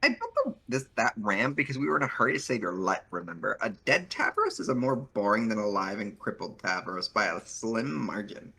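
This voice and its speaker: A man voicing a bossy, scornful young female troll in a high, pushy Valley Girl voice during a comic read-aloud. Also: expressive, brisk, hardly any pauses, sharp tone.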